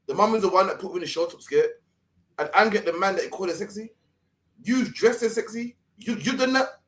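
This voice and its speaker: A man's voice: sits high, fairly bright tone. A man co-hosting a live stream, ranting emphatically and swearing in casual commentary. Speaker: stream show co-host.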